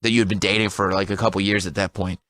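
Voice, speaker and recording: A man in his thirties spins a funny tale on the air, animated and quick to laugh. His voice sits on the low side but rings bright and forceful. The studio sound is dry and close. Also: no room sound. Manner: storytelling, animated, laughs often. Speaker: radio co-host. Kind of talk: casual radio banter. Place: radio studio.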